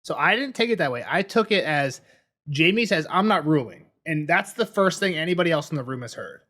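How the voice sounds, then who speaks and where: A man's voice sitting a little high for a man, carries this casual podcast discussion. He argues his reading of the book energetically and slips into quoting the characters as he talks. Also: a little fast. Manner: animated, acts out quotes in passing. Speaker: podcast co-host.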